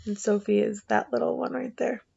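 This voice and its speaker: A woman's voice: on the high side, fairly even intonation, brisk, gravelly, slightly rough, lo-fi sound. Woman reading a storybook aloud. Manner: reads steadily, drops to soft asides.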